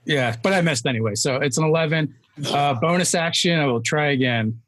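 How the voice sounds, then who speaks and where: A man playing a tabletop game, eager and animated about his character's attacks. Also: fairly high pitch, brisk. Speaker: player.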